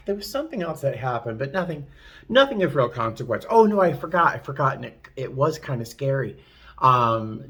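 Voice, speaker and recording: A man's voice: medium pitch, fairly bright tone. A man vlogging from a hotel room in a chatty, rambling way full of fillers. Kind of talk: casual chat to camera.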